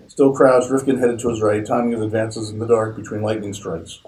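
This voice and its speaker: A man reads his own fiction aloud at a convention, narrating in a steady, even way. His voice sits mid-range with a dark, mellow tone, and a faint hum lingers behind him. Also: medium pitch, fairly quick, few pauses, low-quality recording. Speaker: author reading his fiction. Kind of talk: reading fiction aloud to an audience. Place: convention reading room.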